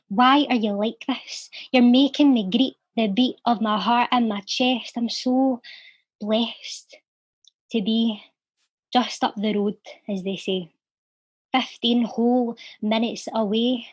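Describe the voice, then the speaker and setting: Slow and fairly high-pitched, with fairly even intonation, a young Scottish woman chats and reads poems in a lilting rhythm, her Glaswegian accent clear. She works as a poet and charity volunteer, and there's no echo on the recording.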